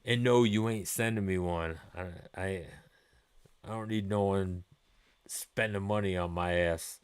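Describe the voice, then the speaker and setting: A man's voice: low voice, steady tone, unhurried, smooth. A man in his forties hosting a gaming live stream, chatting with viewers in a rambling, laid-back way and swearing freely.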